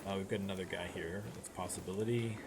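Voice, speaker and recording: A man with a lowish voice gives casual commentary while he plays a strategy game. He muses aloud and often starts sentences over. There is clear noise behind him in the recording. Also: steady tone, quick pace. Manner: musing aloud, chatty with frequent restarts. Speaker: let's play streamer. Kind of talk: gameplay commentary.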